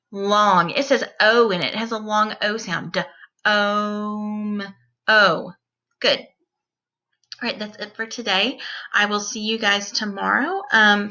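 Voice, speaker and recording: A woman teacher leading young children through a phonics lesson, sounding out each word slowly and deliberately. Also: medium pitch, bright, forceful tone, highs cut off.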